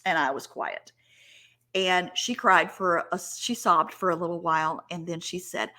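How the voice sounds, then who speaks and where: A middle-aged woman speaks with a bright, ringing voice as she shares a personal story from her working life. She talks in an earnest, heartfelt, chatty way, with fillers and restarts, and sometimes gets choked up. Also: fairly low pitch, normal speed. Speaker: sales director giving a talk.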